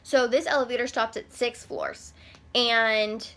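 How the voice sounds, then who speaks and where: A woman's voice: fairly high pitch, steady tone, measured pace, fairly bright tone. A young adult woman vlogger telling a storytime in a chatty, rambling way, full of "like" fillers. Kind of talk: casual storytime.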